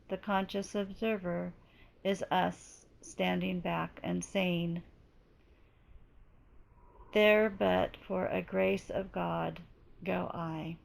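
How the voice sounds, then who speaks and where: A woman giving a slow, deliberate spiritual teaching while she is losing her voice. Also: mid-range voice, gravelly. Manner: slow, deliberate, measured delivery. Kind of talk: slow reflective spoken teaching.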